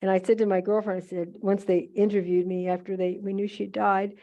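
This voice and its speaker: A woman's voice: medium pitch, little pitch movement, brisk, mellow, highs cut off. An older woman from the United States, a chatty storyteller who acts out the other voices while she demonstrates a craft. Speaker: craft demonstrator at a museum holiday event.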